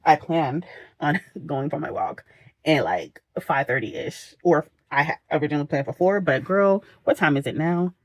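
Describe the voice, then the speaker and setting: A woman's voice: low-pitched, expressive, moderate pace. A woman recapping a book for her vlog in a casual, dramatic way, peppering the story with slang asides, at home late at night. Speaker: book vlogger.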